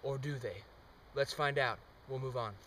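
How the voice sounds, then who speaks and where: A young man giving a deadpan, mock-serious comic monologue outdoors, with sudden loud outbursts. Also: medium pitch, normal speed, far from the mic. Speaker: amateur experimenter. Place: outdoors on a trail.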